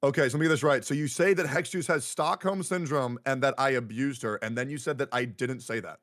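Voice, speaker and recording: A man's voice: medium pitch, a little fast, fairly bright tone. A man streaming, arguing over a call in a dismissive, mocking way and cursing often. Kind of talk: heated online argument.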